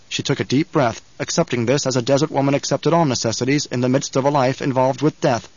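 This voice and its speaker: A man reading an audiobook in measured, even scripted narration, on a dull lo-fi recording. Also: mid-range voice, no echo.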